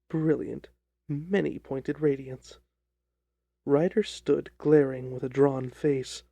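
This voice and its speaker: Brief: male storyteller, measured, gravelly and mellow, dry close mic. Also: fairly high pitch, dry recording. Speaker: narrator. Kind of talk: scripted narration of a detective story.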